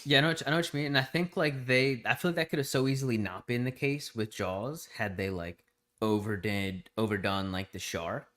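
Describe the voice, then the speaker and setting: A man's voice: medium pitch, brisk, a bit bright. A young man co-hosting a podcast, laid-back and casual, with mumbled asides and easy swearing. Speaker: podcast co-host. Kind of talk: casual chat.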